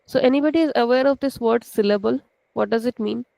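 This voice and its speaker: Indian woman teaching a class on a video call, kinda high and gravelly voice, dry sound, keeps asking if it's clear. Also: fast talker, warm tone, no echo, rough recording. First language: Hindi. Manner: patient, checks in often with students. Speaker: language teacher. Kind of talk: online class lecture.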